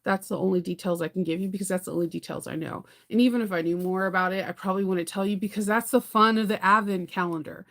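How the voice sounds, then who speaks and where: Woman host for a relaxed sewing live chat: talkative, rambling, quick to laugh. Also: mid-range voice, vocal fry. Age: adult parent. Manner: chatty, rambling, laughs often, answers viewer comments. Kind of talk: casual livestream chat.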